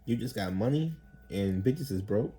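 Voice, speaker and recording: A man's voice: lowish voice, moderate pace, slight background noise, poor audio. A man giving a casual tarot reading, rambling and slangy with plenty of profanity, often acting out the people he describes. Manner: animated, acts out quoted people. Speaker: tarot reader.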